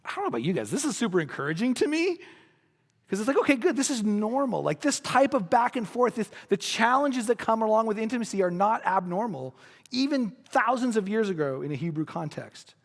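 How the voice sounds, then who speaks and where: A man preaching a sermon as pastor, casual and joking, with animated asides. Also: high voice, a little fast. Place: church sanctuary. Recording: long church-hall reverb.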